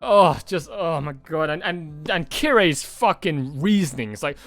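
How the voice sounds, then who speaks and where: Excitable, rambling man reacting to a movie. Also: a little high, a little slow, hardly any pauses, no echo. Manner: excited, rambling, swears often, many restarts. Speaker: reaction channel host. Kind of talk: casual movie reaction chat.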